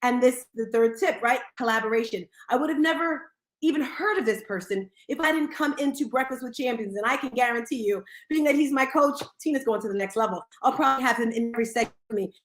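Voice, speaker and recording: A woman hosting a live audio room, talking in an energetic, motivational way with quick asides. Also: a little high, reverberant. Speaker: show host.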